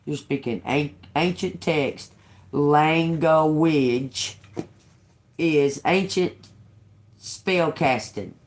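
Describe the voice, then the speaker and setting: A woman's voice: sits low, very slow. A woman tarot reader in casual spiritual talk to her viewers, rambling and restarting, swearing freely and laughing often.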